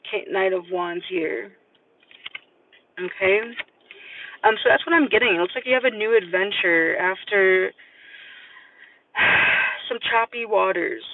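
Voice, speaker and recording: High-voiced man reading tarot, tinny. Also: creaky, a little hiss or hum. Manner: rambling, hesitant, many fillers. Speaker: tarot reader. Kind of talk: live-stream tarot reading. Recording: distant, tinny phone-like sound.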